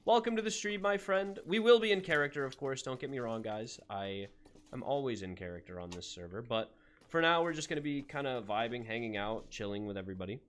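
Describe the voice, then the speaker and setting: A man's voice: mid-range voice, expressive, fairly quick, fairly bright tone. A man casually chatting on his live game stream, greeting viewers by name and reading chat aloud.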